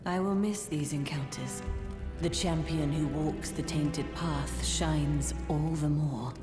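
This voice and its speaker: A grave, low-voiced servant of a fallen lord. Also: female voice. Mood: solemn. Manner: formal, grave and measured. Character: solemn devoted female servant of a fallen lord. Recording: game audio, echoey with loud music.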